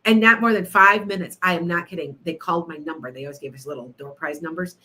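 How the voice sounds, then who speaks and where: A middle-aged woman hosting an internet radio show, telling stories in a chatty, animated way, laughing often and talking to listeners by name. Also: lowish voice, fast. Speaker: radio show host, psychic. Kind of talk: casual storytelling to listeners.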